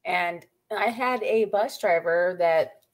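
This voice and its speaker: A woman podcast co-host chatting casually and telling stories with deadpan jokes. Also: on the low side, slow pace. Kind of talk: casual chat.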